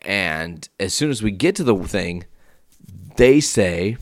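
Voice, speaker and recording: A man hosting his own podcast, telling a story in a casual, profane, ranting way that jumps up in pitch when he gets worked up. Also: expressive, takes it slowly, no echo, studio quality. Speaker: podcast host.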